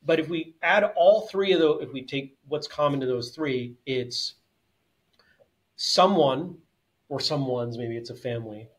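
In a casual conversation on a martial arts podcast, a male co-host works through ideas in long, thoughtful sentences, often restarting. His medium-pitched voice is unhurried.

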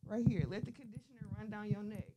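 A woman's voice: mid-range voice, fairly even intonation, fast, background noise. A woman doing a crude, brash stand-up comedy set, laughing often between her lines.

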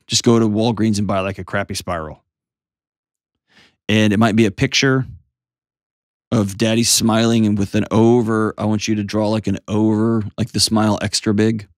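A man's voice: lowish voice, no echo, clean studio sound. A man hosting a call-in advice show, coaching a caller in a direct, earnest way. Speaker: host giving advice.

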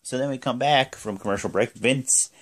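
A man's voice: mid-range voice, normal speed, husky. A man giving a casual, rambling spoken recap, full of fillers. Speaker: wrestling show recapper.

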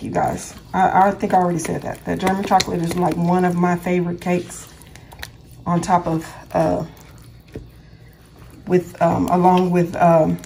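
A woman's voice: fairly low pitch, gravelly. A woman hosting her own cooking channel from a home kitchen. She chats casually as she works, rambling, stumbling over her words and correcting herself. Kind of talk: casual cooking vlog chat.

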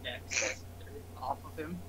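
A man plays at a tabletop session and casually describes what his character does. His voice is middle-pitched and easygoing. A clear hiss sits under his talk. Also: moderate pace. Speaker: player. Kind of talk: tabletop game chat.

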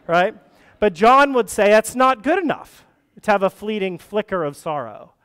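Man pastor giving a sermon, kinda high voice, earnest w chatty asides, big churchy reverb. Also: very animated, moderate pace, fairly bright tone, clear, resonant tone. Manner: earnest preaching with conversational asides and restarts. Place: church sanctuary. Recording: long reverb of a church hall.

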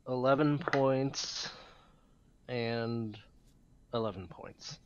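A man playing a tabletop game, eagerly talking through his character's actions. His voice sits at an ordinary middle pitch. The recording is dull and lo-fi. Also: very slow. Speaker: player. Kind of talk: casual tabletop play.

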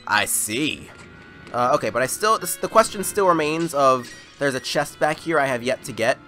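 Young-adult let's play host, jokey and animated, talks to the screen. Bright, lively delivery. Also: medium pitch, moderate pace, soft background music. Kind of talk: video game playthrough commentary.

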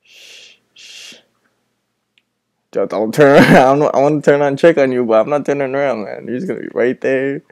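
A man's voice: mid-range voice, fast, hardly any pauses, a little mellow. A man playing a horror game at night with a friend, commenting nervously and swearing into a headset at home. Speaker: gamer reacting to a horror game. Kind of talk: casual gaming commentary. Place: room at home with the lights on, at night.

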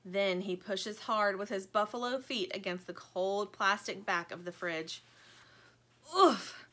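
A woman reading a children's storybook aloud in an expressive, animated storytelling manner. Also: medium pitch, a little slow. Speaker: audiobook narrator.

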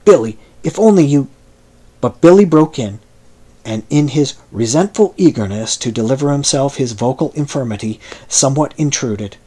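A man reading a classic novel aloud as an audiobook narrator, in slow, measured scripted narration. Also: mid-range voice, lively intonation, warm tone, breathy edge.

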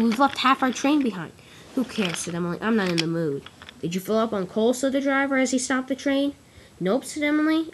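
A woman reading a train story aloud, with lively character lines between plainer narration. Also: mid-range voice, noisy background. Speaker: storyteller reading all parts. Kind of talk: amateur read-aloud storytelling of a train tale.

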